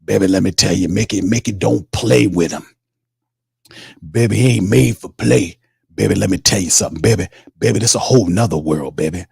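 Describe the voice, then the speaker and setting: A man's voice: low voice, fairly quick, creaky, a little mellow, breathy edge, dry recording, studio quality, exaggerated voice. A man putting on a boastful drawling reverend. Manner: drawls "baby" after every phrase. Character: boastful smooth-talking male reverend.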